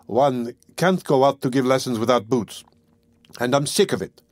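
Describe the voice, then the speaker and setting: A male audiobook narrator voicing a poor young ex-student who speaks slowly, sullenly and reluctantly. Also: mid-range voice, a little mellow, no room sound, close to an everyday voice.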